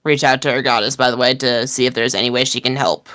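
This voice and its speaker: Woman player at a d&d game, low smooth voice, dry sound, a bit hesitant. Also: steady tone, fast, fairly bright tone, no room sound. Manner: hesitant, laughs off her words. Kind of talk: tabletop game play on stream.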